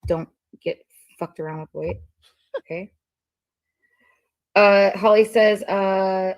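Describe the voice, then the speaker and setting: A woman reading old messages aloud on a casual stream, halting with many ums. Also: medium pitch, no echo, low-quality recording.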